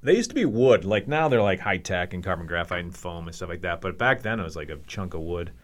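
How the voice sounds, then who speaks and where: A man's voice: low voice, expressive, fast talker. A middle-aged man from Minnesota telling a story in a profane, laughing way, acting out the other voices. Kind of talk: animated storytelling.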